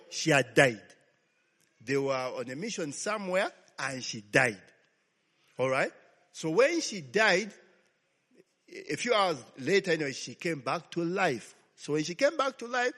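A man's voice: fairly high pitch, a bit bright. A man preaching a sermon as a pastor, telling a story and checking in with "okay?" after nearly every line. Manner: call-and-response, frequent "okay?" checks. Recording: long hall reverb.

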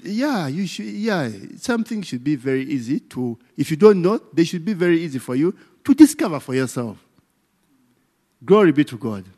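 A man preaches to his congregation, drawing out his words slowly and letting his pitch swing widely. He teases his listeners, tossing out rhetorical "what?" questions and tagging lines with "eh?" and "okay?". His voice rings with the long reverb of a church hall. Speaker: pastor. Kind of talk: interactive sermon.

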